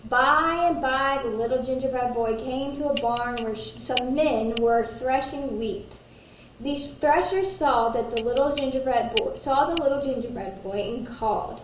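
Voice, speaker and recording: Female kindergarten teacher, storybook read-aloud, high pitch, distant mic with faint noise. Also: echoey room. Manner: gentle, pauses to ask children questions. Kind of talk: reading a picture book aloud to children.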